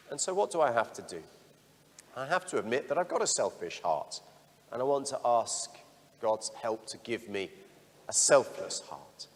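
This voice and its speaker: Middle-aged priest preaching in a reverberant church. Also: male voice, mid-range voice. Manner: candid, self-deprecating storytelling. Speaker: parish priest. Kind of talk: sermon.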